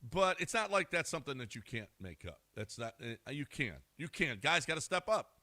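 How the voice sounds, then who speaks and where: A man hosting a morning sports radio show, talking in an animated, excitable way. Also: fairly high pitch, a little fast, no echo.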